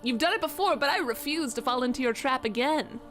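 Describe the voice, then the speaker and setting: A woman's voice: high voice, animated, fast talker, a bit bright, faint music behind. A young woman live-streaming a game, reacting casually with jokes, swearing and playful baby talk.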